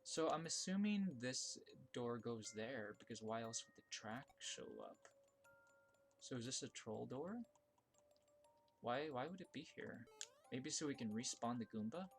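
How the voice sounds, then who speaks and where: With soft music in the background, a man speaks at a measured pace, casually commenting on a live stream as he plays viewer-made levels. He thinks aloud with fillers and restarts, bursting into excited yelps when surprised.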